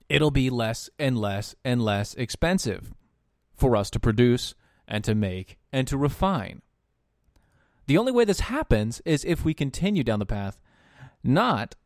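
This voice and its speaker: A man giving opinion commentary, halting often with fillers and dropping into sarcastic muttered asides. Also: mid-range voice, dry recording, studio quality. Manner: sarcastic asides muttered under his breath; halting, with frequent fillers and restarts. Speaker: political commentator.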